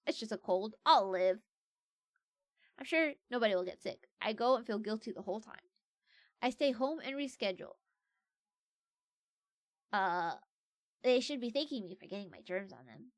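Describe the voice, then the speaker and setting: A woman's voice: on the high side, lively intonation, normal speed, long pauses, no room sound. A young adult woman streamer in casual livestream chat, playfully reading quiz questions aloud and joking about them.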